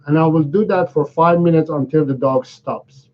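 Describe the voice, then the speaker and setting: A man's voice: on the high side, moderate pace, highs cut off. A man who works as a dog trainer, answering viewers' questions in a live lesson, often restarting sentences and checking that he is understood.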